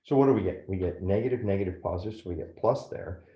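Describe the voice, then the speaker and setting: A man's voice: deep voice, quick pace, warm tone, echoey room, dull audio. A man teaching a math lesson step by step, often checking in with "right?". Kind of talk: classroom lecture at a whiteboard.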